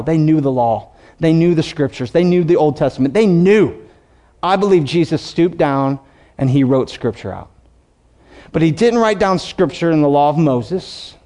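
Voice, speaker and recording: A pastor preaching a sermon, animated, slowing down to read scripture and acting out quotes. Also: male voice, on the high side. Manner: animated preaching, reads scripture slowly, acts out voices.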